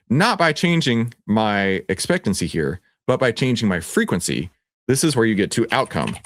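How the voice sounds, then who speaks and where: Lively Texan man hosting a livestream. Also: no room sound, studio quality. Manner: playful, teasing, excitable with sudden high shouts. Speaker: livestream host. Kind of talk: animated livestream presentation.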